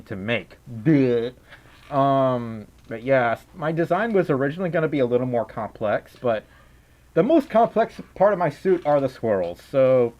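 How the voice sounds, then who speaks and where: A tired man chatting casually on a livestream, reading out donations, rambling and giggling often. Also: mid-range voice.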